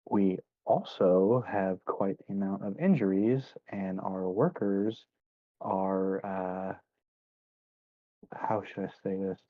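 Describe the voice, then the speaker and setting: A man voicing a sleazy, secretive male town mayor who talks smoothly and evasively. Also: low voice, no echo, phone-quality sound.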